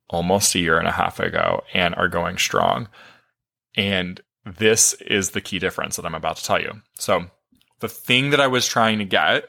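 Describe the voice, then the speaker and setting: A man's voice: sits low, creaky, bright, forceful tone. A man hosting a self-help podcast as a life coach, talking in a candid, casual monologue, swearing freely and laughing often.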